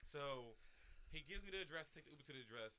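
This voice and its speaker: A man's voice: fairly high pitch, fast. A young man, a podcast co-host, telling a story in casual slang and acting out the people in it. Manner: animated, slangy, acts out the voices of people in his story.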